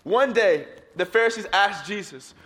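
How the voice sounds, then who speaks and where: A man preaching a sermon as pastor, lively and playful with his congregation. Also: high voice, moderate pace. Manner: energetic, playful preaching, leads congregation in song.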